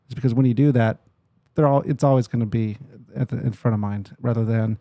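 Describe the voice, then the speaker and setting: A man's voice: medium pitch, fairly even intonation, fairly quick, mellow, dry recording, studio quality. Rambling realtor man, casual chat. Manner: rambling, many fillers and restarts. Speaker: realtor, podcast guest.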